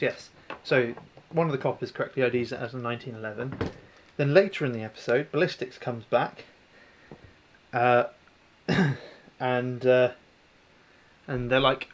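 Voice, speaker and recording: A man's voice: medium pitch, steady tone, normal speed, pauses often. A man hosting a casual livestream, chatting and rambling while he services an airsoft gun and answers viewers. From New Zealand. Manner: rambling, chatty, self-deprecating, answers chat. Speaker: airsoft tech livestream host.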